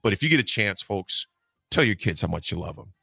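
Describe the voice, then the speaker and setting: A man's voice: sits low, very animated, fairly quick, gravelly, bright, forceful tone, breathy edge, no echo. A man co-hosting a morning radio show, talking earnestly and from the heart to listeners.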